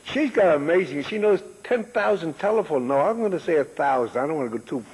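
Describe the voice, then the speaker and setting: A man's voice: a little high, expressive, brisk, darkish tone, husky. A man in his eighties, a guest in a casual interview, telling rambling stories and joking and laughing often. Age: 80s. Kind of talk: casual chat. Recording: long echoing reverb.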